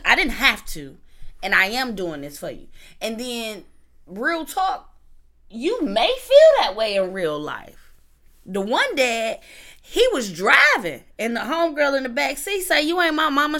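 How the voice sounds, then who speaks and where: Lively high-voiced woman telling stories. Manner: animated storytelling, acts out voices. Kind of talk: casual chat.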